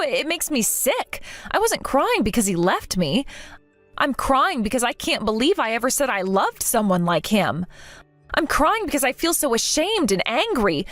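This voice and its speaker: Woman playing hurt young bride, earnest, emotional, expressive pitch, dry studio sound. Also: no echo. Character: hurt young bride, kind but resolute. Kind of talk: voiced drama narration.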